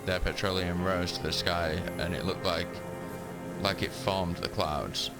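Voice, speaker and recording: A man's voice: low voice, fairly even intonation, a little slow. A man voicing a bitter, dying old male communist deserter, reading the game text plainly. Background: loud game music.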